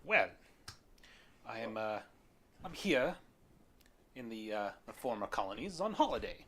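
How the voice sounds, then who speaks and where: A man's voice: mid-range voice, big pitch swings, a little slow, bright, forceful tone, exaggerated voice. A man voicing an eccentric English lord abroad, with a British accent and a pompous manner.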